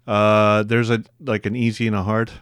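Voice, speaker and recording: A man co-hosting a casual family podcast with his child, easygoing and quick to laugh. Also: fairly low pitch, monotone, fairly bright tone, clean tone, no echo. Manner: easygoing, laughs often, playful. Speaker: podcast co-host, parent of the child host.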